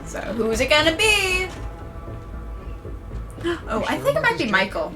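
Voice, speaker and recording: A woman's voice: high-pitched, huge pitch swings, unhurried. A woman giving casual reaction commentary, emotional, exclaiming and swearing often. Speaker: reaction video host. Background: episode audio and music.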